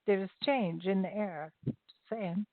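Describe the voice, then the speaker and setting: A woman's voice: mid-range voice, slow pace, dry recording. A woman co-host joining a casual chat with playful quips. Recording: tinny phone line, dry.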